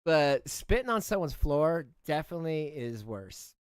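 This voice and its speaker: A man's voice: fairly high pitch, very animated, a little slow, smooth. A man hosting a livestream, ranting and mocking in an indignant, rambling way with many restarts. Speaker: livestream host.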